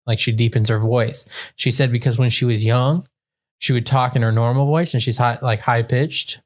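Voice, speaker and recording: A man's voice: mid-range voice, fairly even intonation, normal speed. A young man co-hosting a podcast, chatting casually and rambling with lots of fillers. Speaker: podcast co-host. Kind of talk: casual chat.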